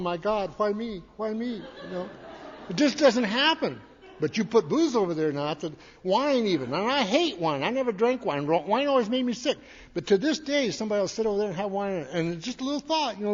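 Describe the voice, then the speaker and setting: A man giving a folksy, rambling talk to a recovery meeting, repeating his words as he tells stories. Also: high-pitched. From Montana. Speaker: AA speaker. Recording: dull recording in a reverberant hall.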